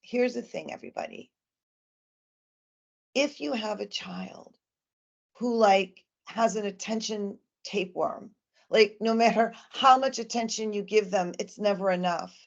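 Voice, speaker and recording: A woman's voice: mid-range voice, a little slow, creaky, dull audio. A woman giving an earnest, emphatic presentation to parents about communicating with children.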